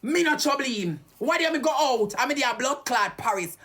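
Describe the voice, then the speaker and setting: A woman's voice: high voice, animated, fairly quick, a bit bright, breathy edge. A Jamaican woman ranting heatedly and cursing on a live stream.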